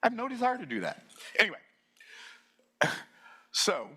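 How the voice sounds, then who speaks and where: Fired-up man in his sixties, bright voice. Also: moderate pace, husky. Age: 60s. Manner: fiery, preachy, swings between low intensity and excited bursts. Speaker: summit speaker. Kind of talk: motivational talk.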